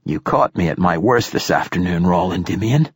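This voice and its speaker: A harsh, raspy old poet, centuries old yet forceful, swearing gruffly as a male narrator puts him on. The voice sits low and husky. The audiobook reading keeps it close and dry. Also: expressive, normal speed, dry recording. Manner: profane and gruff.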